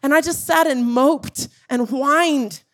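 High-voiced woman preaching a sermon. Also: takes it slowly. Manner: emphatic, calls out to the church with repeated questions. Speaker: pastor.

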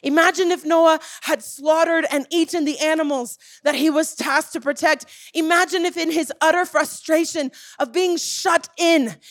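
A woman preaching a sermon, emphatic and calling out to the congregation as church. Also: sits high.

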